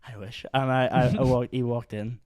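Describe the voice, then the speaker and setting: A man's voice: medium pitch, flat delivery, a little slow, a little mellow, no echo. A young man with a Northern Irish accent, a podcast guest telling stories in casual chat, rambling with lots of fillers and acting out what people said. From Northern Ireland. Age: young adult. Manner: rambling storyteller, lots of "like" fillers, acts out quotes.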